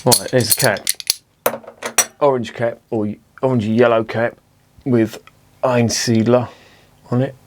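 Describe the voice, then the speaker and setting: A man's voice: medium pitch, steady tone, slow pace, pauses often, darkish tone, slight background noise. A man casually reviewing a beer at home, chatty and self-mocking, swearing freely. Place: indoors at home with curtains drawn.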